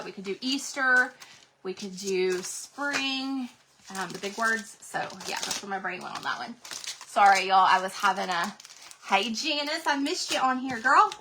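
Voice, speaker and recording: A woman with a drawl chats on a casual craft livestream, gushing over her supplies and calling out to viewers. Her voice sits a little high and sounds sharp and bright. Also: a little hiss or hum. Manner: bubbly, gushing, chatty, talks to viewers in the chat.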